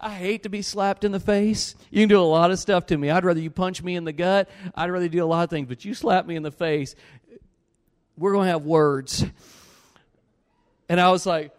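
A man preaching a sermon, telling a story with animated swings between loud bursts and low, earnest pleas. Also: moderate pace, smooth, big-room sound.

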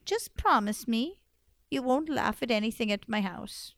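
A hushed, kindly little old woman , as a woman storyteller puts her on, coaxing and gentle. Her voice sits a little high and comes across close and dry. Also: expressive, measured pace, no room sound. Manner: soft, coaxing, calls the girl sweetie.

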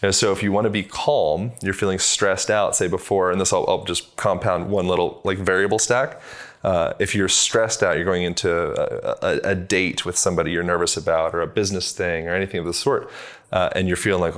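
Interview guest: man with a very low voice, easygoing and rambling, heavy on fillers. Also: fairly quick. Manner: relaxed, rambling explanations with many fillers. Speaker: podcast guest, movement coach. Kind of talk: conversational interview.

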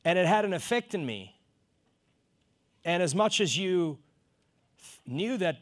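A middle-aged man from South Africa preaching a sermon, telling a personal story and acting out the exchanges he describes, rising to loud emphasis. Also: sits high, lively intonation, unhurried, pauses often.

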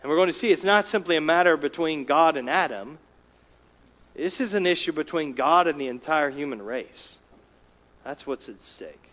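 A man preaching a sermon, emphatic, rising in volume for key words and dropping low and quiet between them. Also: animated, normal speed. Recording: dull lo-fi sound.

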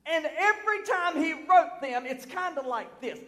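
A pastor preaching a sermon in a church, swelling from quiet reflection to loud, emphatic declarations. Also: male voice, extremely high pitch, expressive, normal speed. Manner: preacherly, building from soft to shouted emphasis. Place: church sanctuary. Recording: long hall reverb.

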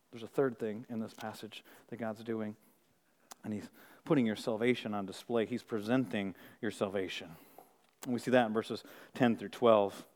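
A middle-aged male pastor preaching a sermon, firing rhetorical questions and swinging from hushed, intimate moments to loud emphasis. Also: mid-range voice, in a large hall.

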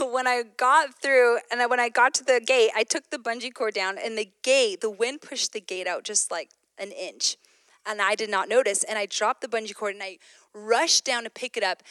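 A woman giving a sermon, mixing a personal story with scripture, animated and laughing often. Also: sits high, clean tone, no echo. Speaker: women's ministry speaker.

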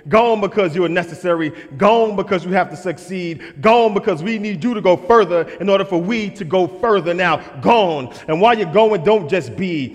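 High-voiced man performing rhythmic poetry. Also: moderate pace, hardly any pauses. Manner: rhythmic, call-and-response. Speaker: spoken-word poet. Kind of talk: spoken-word poetry in church. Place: church sanctuary. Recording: long reverb of a large hall.

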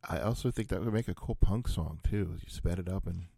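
Low-voiced man in dry casual chat. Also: fairly quick, vocal fry, warm tone, husky, no echo. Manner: musing, thinks aloud with many asides. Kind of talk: casual conversation.

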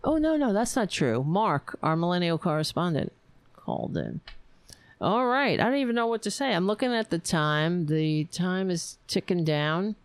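A woman hosting a live stream, chatting casually in a rambling, halting way, reading viewer comments. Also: lowish voice, sing-song, clean tone, no echo. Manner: rambling, halting, laughs often, chatty with cats. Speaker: livestream host.

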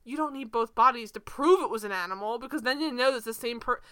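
A woman co-hosting a casual show recap, animated and sarcastic, swearing and laughing often. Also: fairly high pitch, fast talker. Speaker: podcast co-host.

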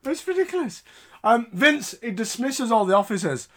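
A man hosting a casual podcast, recapping wrestling in an animated, sweary way with frequent laughter. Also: very high voice, moderate pace. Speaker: podcast host.

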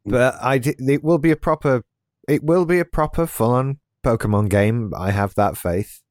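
A man's voice: mid-range voice, normal speed, a little mellow, no echo, clean studio sound. Laid-back man in his late thirties. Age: late 30s. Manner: laid-back, rambling with restarts and self-deprecating asides. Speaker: podcast co-host. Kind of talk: casual chat.

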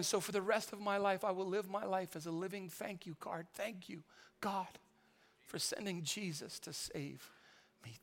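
A man preaching a sermon in a conversational way, with stammered restarts, building to loud emphatic climaxes. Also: high-pitched, long reverb tail. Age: adult. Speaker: pastor.

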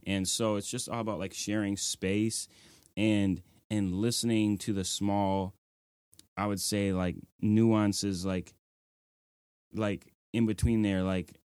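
Earnest young man, low dry voice. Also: fairly even intonation, measured pace, darkish tone, clean tone, dry recording. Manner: earnest, heavy use of "like" and "you know". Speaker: nonprofit executive director, guest. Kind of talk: reflective interview storytelling.

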